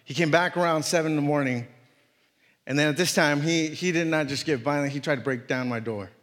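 Delivering a sermon as a guest preacher, a man in his thirties earnestly shares a personal story, stumbling into frequent restarts. His voice is a little high and a bit bright, with long reverb.

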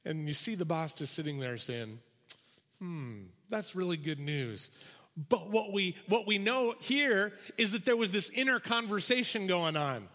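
A man preaching a sermon, telling a parable with animated storytelling and acting out the characters' voices. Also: high voice, normal speed, few pauses. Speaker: pastor. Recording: long reverb of a large hall.

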